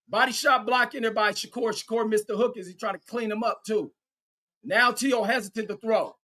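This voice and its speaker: A man giving excitable, profane fan play-by-play of a boxing match on a livestream, cheering one fighter on and reading viewer chat aloud. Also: very high-pitched, brisk.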